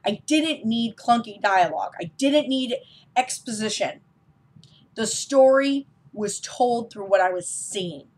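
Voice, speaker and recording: A woman's voice: fairly high pitch, animated, a little slow, darkish tone. A woman giving a casual, enthusiastic film review as a vlog host, with frequent ums.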